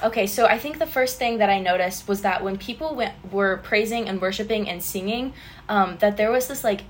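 A woman's voice: mid-range voice, a little fast, a little hiss or hum. A young adult woman from the American South co-hosting a podcast, talking in an earnest, reflective way. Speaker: podcast co-host. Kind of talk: casual chat.

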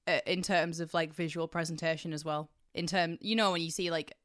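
A woman co-hosting a casual rewatch podcast, chatting loosely with lots of "like" and the odd swear word. Her voice sits a little low for a woman, and the recording is dry and close. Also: fairly even intonation, fairly quick, a bit bright, dry recording. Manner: casual, swears, says like a lot. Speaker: podcast co-host. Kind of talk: casual chat.

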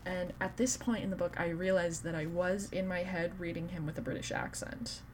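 A woman's voice: on the low side, steady tone, moderate pace, a little mellow, a little hiss or hum. A woman co-hosting a podcast, chatting casually about a book and laughing often as an eager fan. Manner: giggly, gushing fan. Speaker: podcast co-host. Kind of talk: casual book-club chat.

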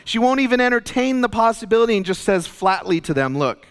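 A man's voice: quick pace, few pauses. Man preaching in a reverberant hall. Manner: earnest, conversational preaching, drops soft and low for quoted lines. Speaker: pastor. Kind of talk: sermon. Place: church sanctuary. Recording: long reverb of a church hall.

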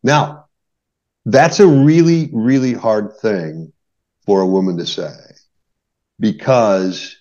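A middle-aged man speaks as a marriage therapist on a podcast, earnest and explanatory, tagging his points with quick checks to the listener. His voice sits on the lower side. The recording is dull and lo-fi. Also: darkish tone. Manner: earnest, explains with examples, many "right?" tags. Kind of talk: conversational podcast advice.

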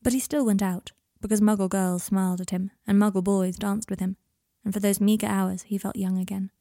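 Woman reading a story out, steady and calm, dry room, middle pitch. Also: fairly quick, no room sound. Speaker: narrator. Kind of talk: audiobook narration of fan fiction.

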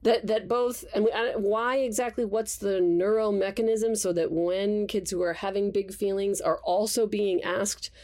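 A woman's voice: mid-range voice, steady tone, moderate pace, few pauses, darkish tone. Thoughtful woman psychologist explaining. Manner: thoughtful, explanatory, laughs lightly. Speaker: guest clinical psychologist. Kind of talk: conversational expert interview.

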